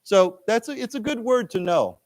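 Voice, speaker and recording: A man's voice: high voice, expressive, moderate pace, no room sound. A man teaching an English lesson, explaining words with everyday examples and often checking in with "okay?" and "right?". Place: library lecture room.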